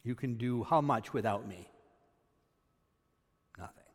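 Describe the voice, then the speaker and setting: A man from Canada preaching a sermon. He swings between loud, emphatic peaks and quiet asides. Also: medium pitch, unhurried, long reverb tail. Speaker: pastor.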